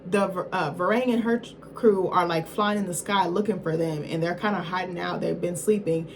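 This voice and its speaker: A woman's voice: lowish voice, steady tone, fairly quick, slight background noise. A woman reviewer giving a casual film recap in a rambling, slangy, profane way, often correcting herself mid-thought.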